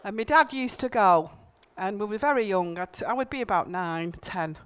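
A woman's voice: mid-range voice, animated, moderate pace, a bit bright, smooth. A woman giving an informal, earnest sermon in church, telling personal stories and repeating key points for emphasis. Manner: earnest, conversational, emphatic repetitions. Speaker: church speaker.

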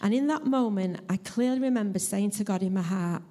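A woman preaching a church sermon in an earnest, heartfelt, measured way and sharing her own testimony. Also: mid-range voice, warm tone. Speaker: lay preacher. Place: church service.

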